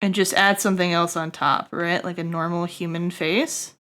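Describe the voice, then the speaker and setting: This woman streamer talks at a normal speed with fairly even intonation while critiquing a character design casually. Her delivery wanders, packed with fillers and "right?" check-ins, broken by jokey asides to chat and high, loud bursts.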